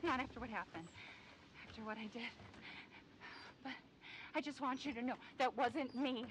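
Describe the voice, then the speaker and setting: An actress playing a frightened young woman who pleads in a hushed voice in a video game cutscene. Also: fairly high pitch, normal speed, slight background noise, close to an everyday voice. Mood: pleading.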